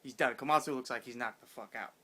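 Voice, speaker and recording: A man giving a casual, rambling chapter review, excited and full of profanity and slang. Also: medium pitch, fast.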